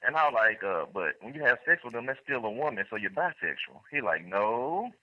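A man's voice: mid-range voice, big pitch swings, brisk, no room sound. A man calling in to a talk show, telling a rambling story with restarts and bursts of laughter. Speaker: caller. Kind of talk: call-in storytelling. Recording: dull lo-fi phone line.

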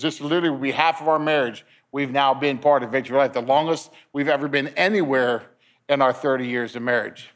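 A man's voice: a little high, fairly bright tone. A middle-aged man gives a testimony sermon at a men's meeting, telling his story with many restarts and acting out the dialogue.

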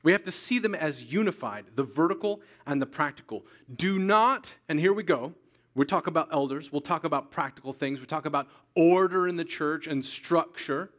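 A man preaching a sermon as pastor, emphatic, repeating key lines slowly for weight. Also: a little high, lively intonation, fairly bright tone. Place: church sanctuary.

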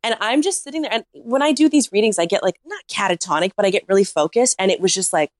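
A woman, a podcast guest, telling a comic story in a casual, animated way with lots of "like.". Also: medium pitch, fast, dry recording, studio quality. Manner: animated anecdote-teller, heavy use of "like".

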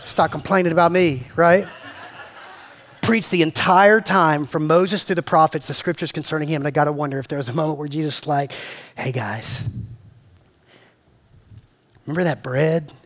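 A man preaching to his church in a casual, slangy way, swinging between loud and hushed. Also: fairly high pitch, fairly even intonation, fairly quick. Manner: slangy, calls listeners "man" and "family". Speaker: pastor. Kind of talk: sermon. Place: church meeting room.

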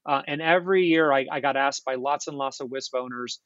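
A man's voice: medium pitch, quick pace, hardly any pauses, fairly bright tone, no room sound. A man speaks as a podcast guest, explaining things earnestly in a casual, explanatory way and often restarting his sentences. His voice sits in a middle range. The recording sounds a little dull and dry, with no room around it. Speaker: ISP founder and CEO, guest. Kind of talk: casual podcast interview answers.

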